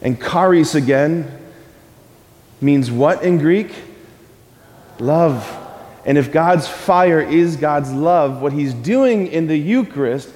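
Guy preaching a sermon, fairly high voice, keeps repeating lines and getting the room to say them back, big echoey church hall. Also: expressive, slow, pauses often, a little mellow. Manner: repeats key phrases and leads call-and-response; spells out words letter by letter. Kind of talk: sermon to a congregation. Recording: long hall reverb.

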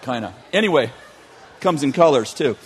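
A man telling a long story in a sermon, animated, with joking asides to his audience. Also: medium pitch, moderate pace, a faint crowd, a little hiss or hum. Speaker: youth teacher.

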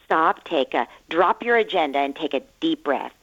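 Calm woman explaining parenting advice, low voice, muffled lo-fi line. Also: normal speed. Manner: calm, gentle, explanatory, role-plays parent dialogue. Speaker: parenting expert guest. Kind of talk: radio interview answer.

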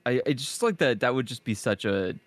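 A man co-hosting a podcast in casual chat, laughing often and talking in an animated, loose way. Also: medium pitch, brisk, no room sound. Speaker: podcast co-host.

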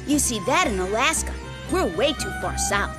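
A woman's voice: on the high side, lively intonation, normal speed, over loud music, natural voice. A woman voicing a skeptical child in a cartoon clip, sounding doubtful and matter-of-fact.

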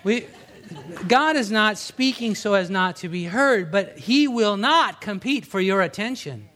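A middle-aged man preaching a sermon as a pastor, chatty and conversational, acting out quotes with sudden rises and hushed drops. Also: high voice, animated, a little slow, a faint crowd.

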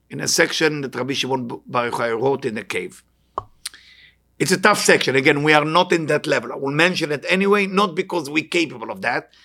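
A man's voice: a little high, fairly bright tone. Man giving a spiritual lecture. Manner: earnest, questioning, speaks in short repeated phrases. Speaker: Kabbalah teacher. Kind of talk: spiritual lecture to a live audience.

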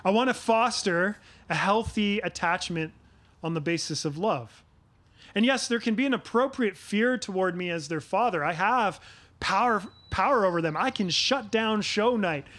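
In an animated, slightly bright, fairly high voice, a middle-aged male pastor preaches earnestly at a measured pace. He pauses on key phrases and puts questions to his congregation.

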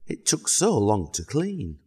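A man narrating a children's storybook in a calm, even way. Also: medium pitch, slow, breathy edge.

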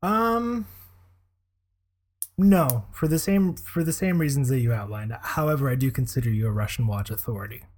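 A man's voice: mid-range voice, normal speed, darkish tone. Brief: young male co-host, easygoing, hesitant, peppered with uhs and laughter. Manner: hesitant, laughs often, many "uh"s. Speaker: podcast co-host. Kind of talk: casual chat.

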